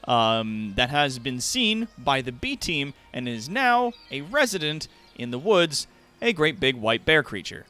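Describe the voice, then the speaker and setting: A man running a tabletop game as game master, narrating in an unhurried way, with lots of fillers and frequent laughter. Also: medium pitch, big pitch swings, sharp tone.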